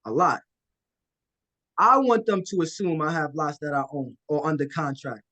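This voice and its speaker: High-voiced man coaching confidently. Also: lively intonation, moderate pace, pushed and bright, rough recording. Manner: casual and confident, acts out phone calls. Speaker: guest land investor. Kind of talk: coaching on a live call.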